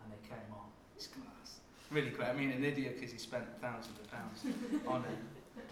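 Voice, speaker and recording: A man preaching a sermon, dropping to a hush and rising to loud emphasis as he tells the story. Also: medium pitch, fairly even intonation, moderate pace, echoey room. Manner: dramatic shifts from hushed to loud when acting out scenes.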